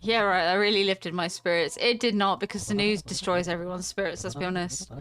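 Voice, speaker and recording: A woman's voice: on the low side, fairly even intonation, fairly quick, few pauses, a bit bright. A woman with a British accent commentating casually on a video game, chatty and playful as she reads the game's text aloud. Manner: chatty and playful, with frequent giggles and asides. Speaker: gaming video host. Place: at home.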